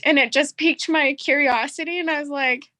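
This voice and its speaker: A woman's voice: high-pitched, steady tone, brisk, bright, forceful tone. A middle-aged woman giving an emotional, candid personal testimonial as a caller. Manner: earnest, heartfelt, candid.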